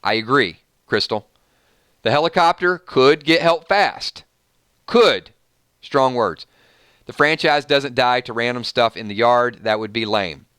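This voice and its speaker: A man's voice: medium pitch, animated, unhurried, a bit bright, smooth, no echo. A man with a Southern US accent hosting a livestream, talking straight to his viewers and working himself up into an emphatic rant. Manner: emphatic, gets fired up and rants to viewers. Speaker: YouTube channel host. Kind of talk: livestream commentary and ranting.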